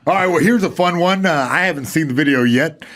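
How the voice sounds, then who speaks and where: A man's voice: fairly high pitch, quick pace, a bit bright. A man co-hosting news segments in a studio, explaining with many fillers. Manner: hesitant, filler-heavy explaining. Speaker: news co-host. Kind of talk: casual news chat.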